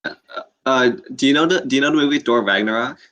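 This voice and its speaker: Blunt young man, bright voice. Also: medium pitch, fast talker, highs cut off. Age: young adult. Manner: blunt, flat-spoken, short answers. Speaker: student club officer. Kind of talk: casual chat.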